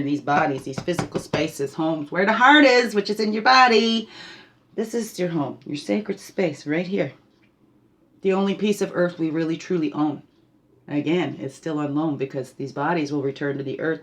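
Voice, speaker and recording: Woman giving rambling spiritual guidance. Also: low-pitched. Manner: meandering, laughing, often asks "right?". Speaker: spiritual guide.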